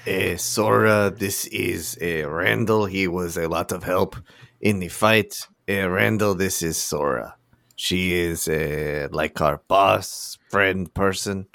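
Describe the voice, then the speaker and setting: A man playing a tabletop game, speaking hesitantly with many pauses and fillers. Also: low-pitched, gravelly, a bit bright, no echo. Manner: hesitant, lots of uh. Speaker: player.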